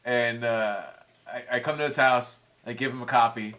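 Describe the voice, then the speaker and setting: A man's voice: medium pitch, fairly even intonation, normal speed, pushed and bright. A man in his forties, a guest musician in a casual chat, telling stories with heated, profane language. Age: 40s.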